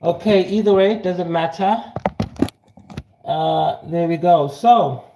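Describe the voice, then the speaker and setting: A man's voice: on the high side, slow pace, noisy background. Self-assured man talking in an echoey kitchen. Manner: animated, self-assured, drifts between prophecy and cooking asides. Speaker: spiritual teacher. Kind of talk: casual spiritual talk while cooking. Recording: roomy echo.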